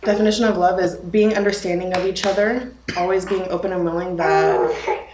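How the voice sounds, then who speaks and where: A young woman telling her engagement story in a casual, animated way, laughing now and then. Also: lowish voice, fairly quick, roomy sound, noisy background. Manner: animated, laughing as she retells the day.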